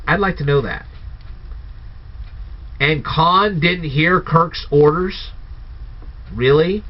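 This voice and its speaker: A man giving a casual spoken movie review, firing off incredulous, sarcastic rhetorical questions. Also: on the high side. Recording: dull lo-fi recording.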